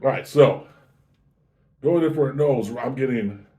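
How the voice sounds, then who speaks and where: A man's voice: mid-range voice, measured pace, warm tone. A man hosting his own whiskey review show, chatting casually and easygoing as he tastes and describes a drink. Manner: chatty, easygoing, self-correcting.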